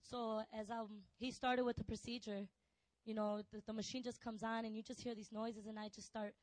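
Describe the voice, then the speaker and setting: Soft-spoken woman giving testimony. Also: a little high, level tone, moderate pace, dry recording, poor audio. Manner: soft and hesitant with fillers, rising to cries. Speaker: testimony speaker. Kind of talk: personal testimony.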